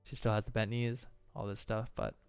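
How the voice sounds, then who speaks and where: A man's voice: lowish voice, little pitch movement, a little fast, vocal fry, darkish tone, clear, resonant tone, no echo, soft background music. A man casually breaking down animation on a stream, enthusiastic with playful exclamations.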